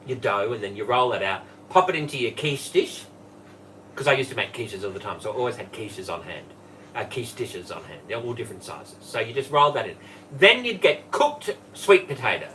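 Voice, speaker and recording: A former Tupperware manager hosts a live kitchen cooking stream at home, chatting and greeting viewers by name. His medium-pitched voice sounds pushed and bright, coming from a distance off the mic with a little hiss or hum.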